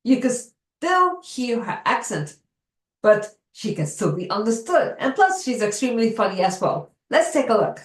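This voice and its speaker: A woman speaker and coach with a Spanish accent, giving a motivational talk to camera in a slow, deliberate way. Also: on the high side, very animated. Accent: Spanish-accented English. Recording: echoey room.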